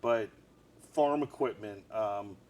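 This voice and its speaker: A man hosting a casual live-stream chat, quizzing his co-host with quick follow-up questions. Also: lowish voice, a little mellow. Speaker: show host.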